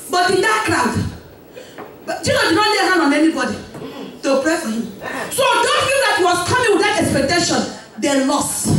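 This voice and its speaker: A woman preaching a fervent sermon, acting out pleading voices with bursts of shouting. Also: sits high. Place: large church hall. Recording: echoey church hall, voice from a distance, audience audible.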